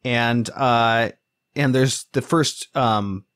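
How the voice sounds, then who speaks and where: A man's voice: medium pitch, very slow, a bit bright, clean tone. A man hosting a podcast, talking hesitantly and searching for words with many fillers. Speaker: podcast host. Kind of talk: podcast conversation.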